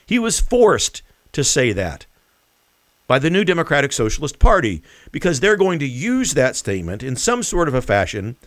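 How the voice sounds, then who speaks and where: A man hosting a political commentary show, speaking in an emphatic, deliberate and mocking way. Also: medium pitch, fairly bright tone, dry recording, clean studio sound. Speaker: host.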